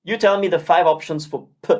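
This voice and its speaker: A language teacher giving a beginner lesson, drilling syllables slowly and encouraging learners. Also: mid-range voice, steady tone.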